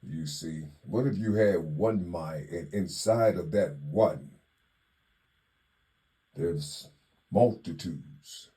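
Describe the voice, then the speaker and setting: A spiritual teacher delivers a slow monologue, drawing out rhetorical questions and constantly repeating "you see." His voice is low-pitched and mellow.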